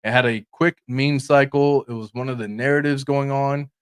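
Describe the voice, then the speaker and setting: A man's voice: mid-range voice, fairly even intonation, moderate pace, clean tone. A man hosting a crypto livestream, swearing and laughing hard while reacting to clips and reading viewer confessions. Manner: laughing, profane, reads confessions aloud. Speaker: crypto streamer host. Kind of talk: casual livestream commentary.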